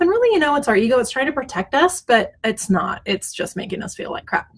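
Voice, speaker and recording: A woman's voice: on the high side, big pitch swings, quick pace, few pauses, slightly rough. A middle-aged woman talking to camera from home, casual and encouraging, with lots of ums and restarts. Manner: chatty, warm-hearted, many ums and restarts; often glances at her notes. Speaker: web designer hosting a weekly mindset video. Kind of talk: casual self-help talk to camera. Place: at home, front yard noise outside.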